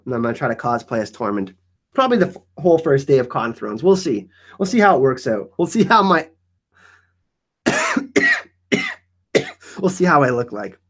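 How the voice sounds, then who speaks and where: An energetic man hosting a casual live-stream Q&A, rambling with many restarts. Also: a little high. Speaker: YouTube channel host.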